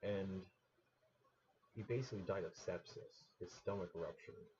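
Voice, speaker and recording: A man's voice: deep voice, measured pace, darkish tone, highs cut off, slight background noise. A man streaming late at night, ranting profanely in a casual monologue.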